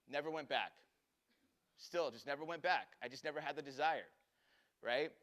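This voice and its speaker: A man's voice: medium pitch, a little slow, long pauses. A man telling a story to an audience, acting out the voices of the people in it. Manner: animated storyteller acting out dialogue. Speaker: speaker telling a customer service story.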